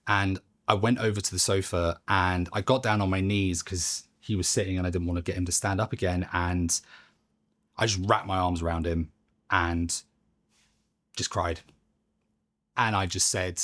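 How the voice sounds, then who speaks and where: A young man telling a personal story in a halting, emotional way, with long pauses. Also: low-pitched, steady tone, fairly bright tone. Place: studio.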